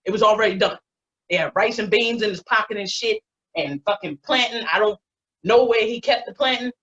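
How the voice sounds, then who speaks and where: A woman doing a stand-up set, telling a profane, animated story. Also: mid-range voice, fairly quick. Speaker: stand-up comedian. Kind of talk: stand-up set on a video call. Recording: dull lo-fi online audio.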